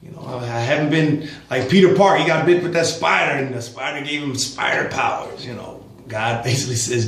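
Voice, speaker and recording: A man's voice: mid-range voice, a little fast, few pauses, echoey room, slight background noise, poor audio. A man vlogging casual religious commentary, speaking emphatically with chuckling asides.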